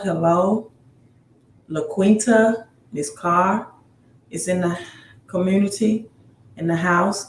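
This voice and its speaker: A tired man hosts a casual livestream on credit, calling out viewers by city and reading their comments aloud. His voice sits high for a man. The room around him rings, with a faint hum of ambience behind. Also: echoey room. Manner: reads news items aloud, with tag questions. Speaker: livestream host giving credit advice.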